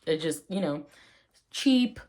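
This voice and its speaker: A playful woman chats through a casual vlog, rambling and cracking jokes as she goes. She takes her time, and her voice sits a little low. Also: lively intonation, darkish tone. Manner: playful, rambling, jokey asides, quick tangents. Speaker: vlogger explaining old slang. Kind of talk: casual chat.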